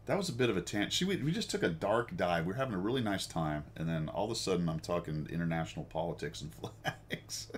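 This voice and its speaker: A man's voice: low-pitched, expressive, quick pace, slight background noise. An American man hosting a casual chat with viewers, rambling and self-deprecating and laughing often. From United States. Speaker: host.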